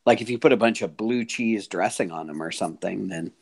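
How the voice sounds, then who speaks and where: A man's voice: fairly low pitch, brisk, creaky, breathy edge. A man co-hosting a casual podcast chat, talking freely and laughing often. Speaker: podcast co-host.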